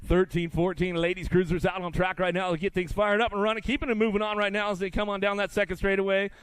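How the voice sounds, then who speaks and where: A man calls a live race in brisk play-by-play, reeling off riders' names and slipping in teasing jokes for the crowd. His voice sits fairly high and sounds smooth and clean. The sound is dry and close to the mic. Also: level tone, fairly bright tone, dry recording. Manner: rapid play-by-play with joking asides. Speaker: race announcer. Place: outdoor race track.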